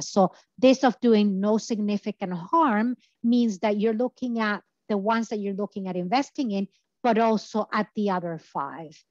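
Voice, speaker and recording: A woman at a middle pitch presents lecture slides, explaining each point with frequent hesitations. Her voice sounds a little worn from a long day of talking. The sound is dry and slightly muffled. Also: no echo. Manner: explanatory, many filler uhs. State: tired voice from talking all day. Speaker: guest lecturer.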